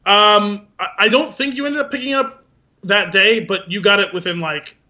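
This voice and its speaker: A man co-hosting a podcast in casual chat, animated and acting out movie scenes in funny voices. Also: high-pitched, moderate pace, lo-fi sound. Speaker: podcast co-host.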